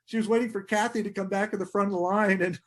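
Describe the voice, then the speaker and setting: Fast-talking and high-voiced, a middle-aged sports writer shares animated anecdotes on a podcast, laughing a lot and restarting sentences.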